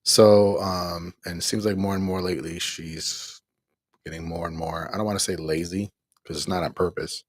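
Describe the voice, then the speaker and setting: A middle-aged man hosting a livestream, talking in a weary, exasperated way with a husky voice and rueful laughs while he reads the chat. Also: low voice, steady tone, moderate pace, no room sound. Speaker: livestream host. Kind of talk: venting on a livestream, reading chat.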